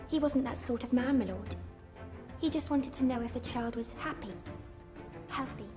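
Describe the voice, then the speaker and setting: Woman playing a soft well-spoken RP young mum, bit high, music under. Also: normal speed, lightly acted. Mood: earnest. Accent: English RP.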